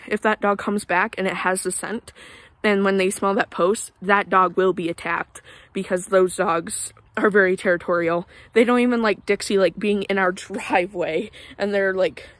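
A young woman chatting into her phone camera while walking outside, a little out of breath. Her voice is mid-pitched and sits close and dry, with no room around it. She rambles with fillers and gets indignant at times. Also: no echo. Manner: chatty, lots of fillers, indignant about neighbors. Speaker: vlogger. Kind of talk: casual rambling vlog, walking. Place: outdoors in a neighborhood.

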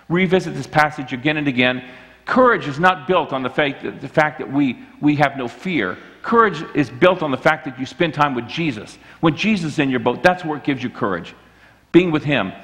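A man's voice: on the high side, fairly bright tone. A man preaching a sermon as the pastor, earnest and often restarting his sentences. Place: church sanctuary. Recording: church hall reverb.

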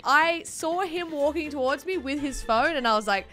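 A woman's voice: a little high, a little fast, few pauses, a bit bright, soft background music. A young woman, giggly and casually swearing as she reacts to funny clips on her channel. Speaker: YouTuber reacting to TikToks.

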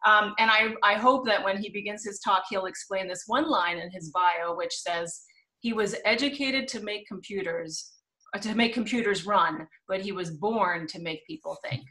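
A woman's voice: medium pitch, normal speed, sharp tone. A woman hosting a virtual museum lecture over a video call, introducing the speaker with many ums and restarts. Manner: friendly, with many fillers. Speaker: museum event host.

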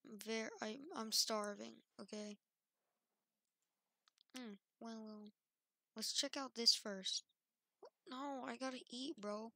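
A woman acting out a casual game role-play, halting and hesitant, with many fillers and restarts. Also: a little high, fairly even intonation, bright, forceful tone, no echo, clean studio sound. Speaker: role-play channel host.

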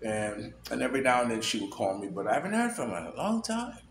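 A man's voice: mid-range voice, big pitch swings, fast talker, creaky. Rambling man with many fillers, echoey room. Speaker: vlogger. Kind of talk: casual personal vlog. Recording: echoey room with faint noise.

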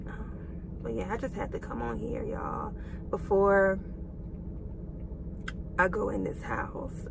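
A woman's voice: mid-range voice, steady tone, slow pace, vocal fry, long pauses, background noise. A young woman vlogging from a parked car, giving an emotional, faith-filled pep talk and calling her viewers "y'all" and "girl". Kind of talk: casual encouraging vlog talk.

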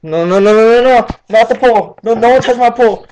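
A jittery, pushy party guy who yelps in a high, strained voice, as a young man puts him on. A light hiss of background noise runs underneath. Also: fast, rough recording. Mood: hyped. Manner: pushy, jittery, loud then hushed.

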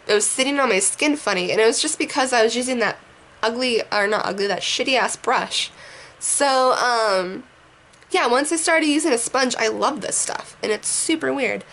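A young woman talks her way through a makeup routine at home in a loose, rambling way, swearing now and then. Her voice sits a little high but is rough and hoarse from a sinus infection. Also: normal speed, a bit bright. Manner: rambling, chatty, casual swearing. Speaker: beauty vlogger. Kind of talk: casual makeup tutorial chat. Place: bedroom at home.

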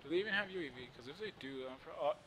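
A young man with a slight lisp giving casual, joking live commentary over his own shooter gameplay, swearing often and yelling at other players. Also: on the high side, animated, very fast, background noise. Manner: joking, swears often, yells at opponents and teammates.

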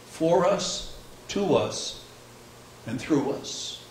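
A man's voice: on the high side, lively intonation, very slow, slight background noise. A man preaching a conversational sermon as pastor, posing rhetorical questions with dry humor. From United States. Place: church sanctuary. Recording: echoey church heard from a distance.

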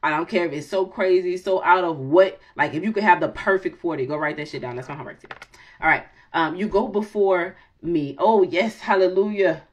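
A woman's voice: fairly low pitch, animated, normal speed. A woman in her late thirties hosts a tarot video in casual, freewheeling talk, swearing, joking and laughing often as she mixes prayer with banter. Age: late 30s. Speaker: tarot reader and channel host.

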